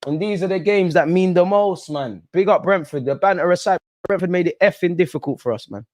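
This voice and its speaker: Excitable young man reacting live. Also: sits high, a little fast. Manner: animated, swings from muttering to yelling at the ref. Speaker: football watch-along host.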